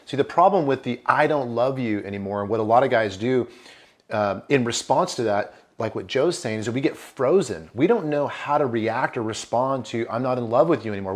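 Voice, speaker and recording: A man with a mid-range voice talks men through relationship trouble in a calm, reassuring way. He explains patiently and addresses his listeners directly. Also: medium pitch. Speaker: relationship coach. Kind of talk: advice talk to men.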